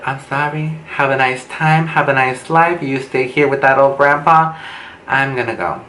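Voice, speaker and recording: A young man telling a storytime vlog, animated and swearing, acting out what people said with big jumps in pitch. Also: moderate pace. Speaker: vlogger. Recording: echoey room with faint background noise.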